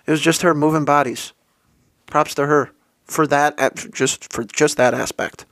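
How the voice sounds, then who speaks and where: A man's voice: a little high, steady tone, measured pace, a bit bright, dry recording, studio quality. A young man hosting a solo podcast, telling a story in a loose, profane, filler-heavy way. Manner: casual and profane, with many fillers and quoted asides. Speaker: podcast host.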